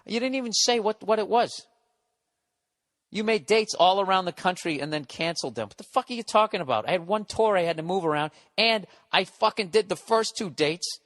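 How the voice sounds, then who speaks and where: Podcast host in his 40s, brash, profane sarcastic rant, a touch high-pitched, long reverb on the voice. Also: fairly quick, a bit bright. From United States. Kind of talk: ranting podcast monologue.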